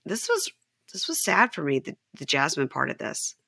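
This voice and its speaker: Gravelly bright-voiced woman podcast host. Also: deep voice, huge pitch swings, moderate pace, no echo, clean studio sound. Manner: chatty, retells scenes with quoted voices. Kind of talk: casual chat recapping a reality show.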